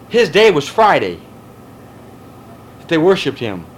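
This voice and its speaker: His voice a little high with huge pitch swings, a middle-aged pastor speaks very slowly while leading a Bible study. He emphatically poses rhetorical questions and takes audience questions in this preaching lecture, with slight background noise present.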